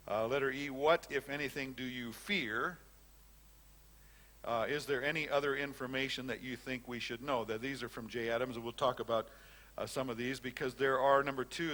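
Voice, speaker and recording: A man's voice: mid-range voice, a bit bright. An older man giving a conversational classroom lecture as a Bible teacher, often repeating and restarting phrases.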